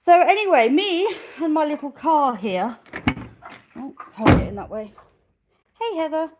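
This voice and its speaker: A woman's voice: high-pitched, animated, measured pace, highs cut off, background noise. A woman chatting casually on a live stream from outdoors by her car on a smallholding. She rambles, laughs often and greets viewers by name. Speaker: smallholder vlogger.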